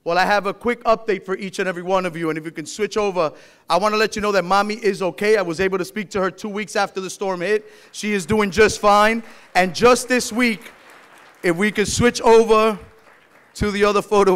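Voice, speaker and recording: A man from Puerto Rico speaks at a dinner in a large hall, heartfelt as he introduces the governor. His voice is fairly high and smooth. He climbs to a rousing, forceful build as he introduces the guest. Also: fairly even intonation, brisk. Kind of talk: public address at a dinner.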